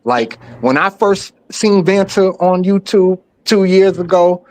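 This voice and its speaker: A man's voice: sits high, slow pace, darkish tone. A man with a New York accent, a panelist in a casual debate, explaining his view at length and asking whether you follow him. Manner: laid-back, explaining, keeps asking if you understand.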